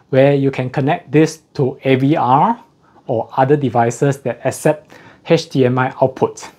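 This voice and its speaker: A man's voice: fairly high pitch, warm tone. Breathless man walking through an unboxing. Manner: methodical, explains technical details, self-correcting. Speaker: audio gear reviewer. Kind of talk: casual unboxing walkthrough.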